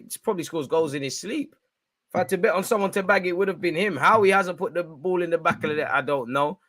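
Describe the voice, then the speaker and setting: A young man hosting a football watch-along, commenting live and shouting at the referee. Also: fast talker. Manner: animated, shouts at the referee, spikes in pitch and volume.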